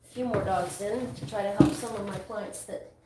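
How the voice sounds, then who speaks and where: Working in a grooming salon, a woman who grooms dogs talks casually and rambles, restarting her sentences many times. Her mid-range voice has fairly even intonation and normal speed, captured in an echoey room by a distant mic with faint noise.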